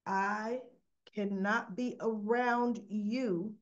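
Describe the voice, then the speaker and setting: A woman's voice: mid-range voice, a little slow, lo-fi sound, close to an everyday voice. A woman voicing a firm woman sponsor who speaks bluntly, in a soap recap.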